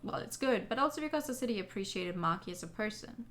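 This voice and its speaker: A woman's voice: medium pitch, expressive, fast talker, fairly bright tone. A woman reading game dialogue aloud as an easygoing, talkative young man explaining what he knows.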